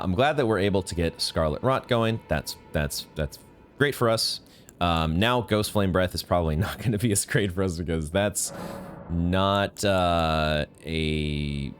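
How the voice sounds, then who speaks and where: Deep-voiced man swearing through a boss fight. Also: a little hiss or hum. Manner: swears often, bursts into high angry yelling. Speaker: gaming streamer. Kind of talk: live gameplay commentary.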